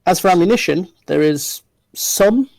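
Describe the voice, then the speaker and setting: A man narrating a tabletop game as game master, describing scenes in an unhurried way with frequent fillers. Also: sits high, expressive, creaky, a little mellow, dry recording, poor audio.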